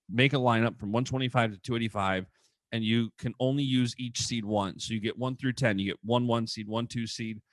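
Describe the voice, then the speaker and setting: A man co-hosting a podcast in casual sports chat, talking quickly with lots of "like" and restarts. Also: medium pitch, no room sound. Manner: quick, animated, full of "like" and restarts. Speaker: podcast co-host. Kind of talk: casual chat about wrestling.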